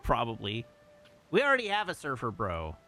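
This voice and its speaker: A man's voice: mid-range voice, wildly swooping pitch, normal speed, sharp tone, faint music behind. A man streaming a video game, playfully teasing and reading chat messages aloud in casual commentary. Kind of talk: casual let's-play commentary.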